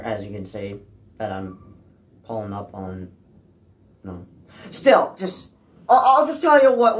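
Recorded at home, a man with a fairly high voice vlogs about movies. His rant is rambling, anxious, and excitable, full of stammers and restarts.

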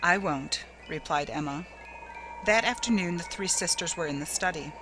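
A woman narrating a classic ghost story in a measured, steady way. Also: fairly low pitch, music in the background, poor audio.

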